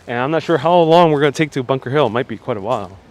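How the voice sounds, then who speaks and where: This time the walking-tour host talks at a racing pace, expressive and mid-pitched with a darkish tone. He narrates his live stream casually on the city streets, reacting to comments, filmed on a gimbal-mounted phone with a little hiss or hum.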